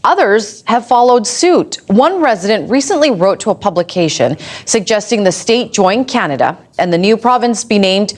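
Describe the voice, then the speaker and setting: A woman news reporter delivering a report in a neutral, measured way. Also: mid-range voice, big pitch swings.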